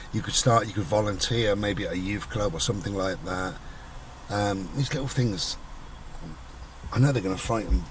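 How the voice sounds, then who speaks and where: Middle-aged man, low voice, rambling casual storyteller, recorded a bit far from the mic. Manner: rambling, conversational, voices quoted people. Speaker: channel host telling a personal story. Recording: voice a bit far from the mic, faint background noise.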